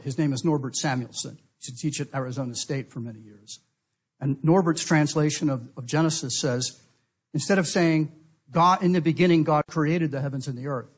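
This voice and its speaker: A man giving a talk, explaining in a measured, emphatic way and repeating key phrases for weight. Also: a little high, breathy edge. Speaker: speaker at a talk. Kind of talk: lecture-style explanation.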